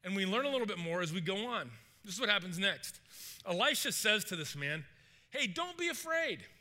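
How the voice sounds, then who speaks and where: Pastor, male, bright lively voice with a high, swinging pitch; storytelling sermon, acts out characters and quizzes the room. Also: brisk. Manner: animated storytelling, acts out characters' panic, asks the congregation questions.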